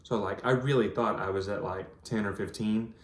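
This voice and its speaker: Casting: vlogger in his thirties, lowish voice, earnest and rambling, recorded in a reverberant room. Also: steady tone, normal speed. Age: 30s. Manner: earnest, rambling storytelling with many ums. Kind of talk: casual personal vlog. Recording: echoey room.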